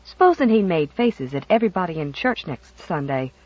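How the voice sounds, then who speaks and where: Narrator for a storybook: expressive scripted reading, mid pitch, dry muffled audio. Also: normal speed, no room sound.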